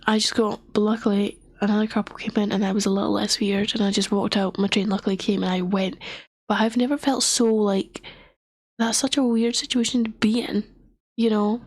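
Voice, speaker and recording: A woman's voice: medium pitch, fairly quick, no echo. A young woman streaming, telling a story in casual chat, often dropping to a whisper, her voice worn from a sore throat. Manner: animated, often drops to a whisper.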